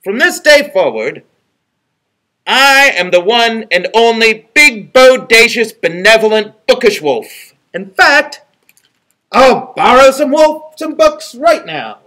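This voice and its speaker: A man doing a loud, boastful storybook wolf. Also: extremely high pitch, big pitch swings, takes it slowly, voice pushed up, heavily acted. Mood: theatrical. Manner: loud, theatrical storybook delivery. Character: boastful big bad male wolf telling tall tales.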